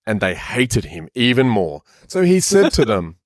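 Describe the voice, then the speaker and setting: Animated man reading aloud. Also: medium pitch, a little slow, hardly any pauses, no echo, clean studio sound. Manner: chatty, stops often to comment. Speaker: podcast co-host and reader. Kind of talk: casual chat reading scripture aloud.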